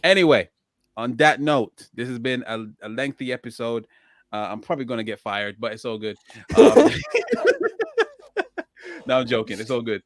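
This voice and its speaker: A man's voice: mid-range voice, fairly even intonation, normal speed, a bit bright. A man hosting a wrestling podcast in a laid-back, chatty way, with a sore throat. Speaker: podcast host. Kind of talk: casual chat.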